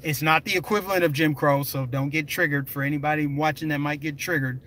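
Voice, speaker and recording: Young male vlogger, bright and forceful, slightly high voice, emphatic direct address. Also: fairly even intonation, fast, a little hiss or hum, poor audio. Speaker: political vlogger. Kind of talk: live stream commentary.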